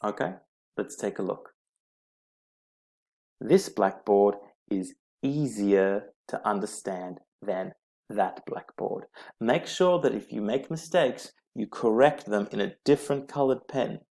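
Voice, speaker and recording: A male English teacher works through grammar slides at an unhurried pace. His voice has a gravelly, fry-edged texture, and he spells out each rule letter by letter with patient repetition. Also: lowish voice, expressive, a little mellow. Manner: slow, patient, repeats rules letter by letter. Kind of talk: slide-based grammar lesson.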